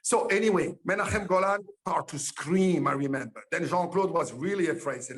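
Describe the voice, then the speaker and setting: A man guest telling a story in casual, animated style, acting out other people's lines, laughing often, with halting, broken phrasing. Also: fairly high pitch. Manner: halting, ungrammatical non-native phrasing.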